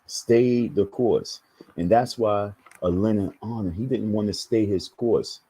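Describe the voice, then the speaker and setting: Husky, low-voiced man ranting. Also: normal speed, mellow, poor audio. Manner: emphatic, blunt, profane. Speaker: online commentator. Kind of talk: preachy monologue to viewers.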